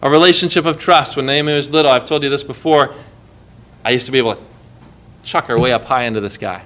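A middle-aged man, a pastor, preaching a sermon, moving between emphatic rises and quiet, hushed asides. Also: medium pitch, fast.

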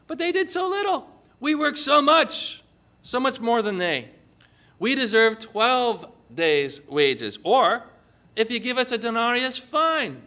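Guy playing bitter workers griping, whiny, bright nasal-ish edge. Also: high-pitched, full character voice. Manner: whiny, indignant complaining. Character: bitter grumbling male vineyard workers.

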